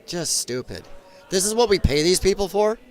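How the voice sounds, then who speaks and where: A man's voice: sits high, animated, normal speed. A man from the United States hosting a livestream, reacting to clips with blunt, profane, sarcastic commentary. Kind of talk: casual ranting commentary.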